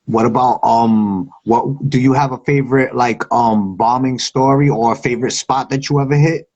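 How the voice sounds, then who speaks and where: A man's voice: mid-range voice, steady tone, normal speed, darkish tone. A man asking interview questions hesitantly, with many fillers. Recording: dull lo-fi sound.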